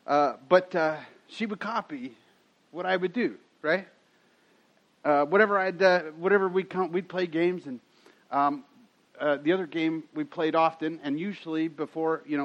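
A middle-aged man preaching a sermon as a pastor, telling stories in a chatty way and laughing often. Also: on the high side. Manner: chatty storytelling with frequent laughs. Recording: dull lo-fi sound.

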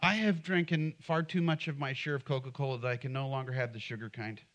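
A man's voice: mid-range voice, steady tone, quick pace, a bit bright, lo-fi sound. A middle-aged man preaching a sermon in church, conversational and humorous, often asking the congregation questions. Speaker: pastor.

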